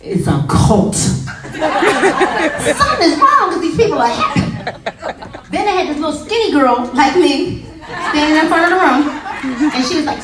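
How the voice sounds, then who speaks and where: A woman giving a humorous, animated motivational talk to a live audience, telling stories with acted quotes. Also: high voice, moderate pace, pauses often. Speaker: motivational speaker. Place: meeting room with an audience. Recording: echoey room, voice from a distance, faint crowd.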